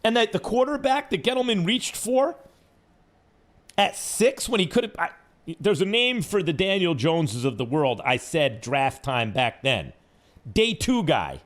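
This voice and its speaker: In a studio, a high-voiced man hosts sports talk radio at a measured pace. He's animated and argumentative, pressing his points and throwing in mocking asides.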